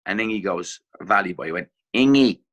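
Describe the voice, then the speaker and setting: A middle-aged man with an Irish accent, a former footballer telling animated anecdotes as a podcast guest, acting out what others said. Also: lowish voice, moderate pace, lo-fi sound. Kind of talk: casual podcast storytelling.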